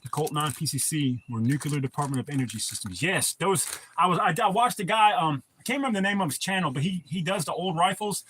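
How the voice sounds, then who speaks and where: A man's voice: a little high, expressive, fast, a bit bright, slightly rough. A man chatting casually on a livestream, rambling and profane as he answers viewer comments. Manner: rambling, profane, laid-back. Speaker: livestream host.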